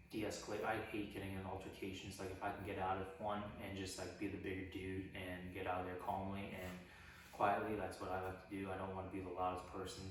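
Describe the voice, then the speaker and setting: A man casually recounting a personal story in a relaxed, rambling way, full of "like" fillers. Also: deep voice, distant mic, a little hiss or hum. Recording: echoey room, voice off mic.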